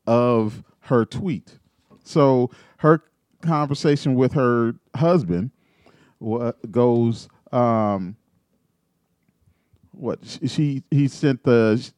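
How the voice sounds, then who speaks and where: Lively man chatting on a dry mic. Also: medium pitch, dry recording. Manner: animated, joking asides. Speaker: podcast co-host. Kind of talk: casual chat, reading posts aloud.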